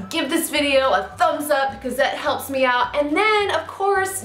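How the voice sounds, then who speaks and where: Upbeat woman host with a slightly high voice, recorded in a roomy, echoing space. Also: fairly bright tone. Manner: upbeat, friendly direct address. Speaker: craft video host. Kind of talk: video sign-off to viewers. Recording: roomy echo.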